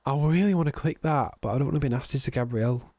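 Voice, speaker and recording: A young man, a let's-play gamer, gives joking, sarcastic gameplay commentary while playing a video game, throwing in camp asides. His warm, medium-pitched voice moves fast, and there is no echo.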